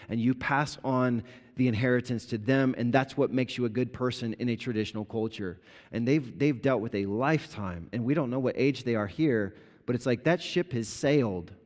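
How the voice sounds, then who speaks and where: Conversational preacher in a reverberant hall. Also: male voice, medium pitch, a little mellow. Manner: conversational preaching with vivid retellings. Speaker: pastor. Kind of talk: sermon. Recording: long reverb of a large hall.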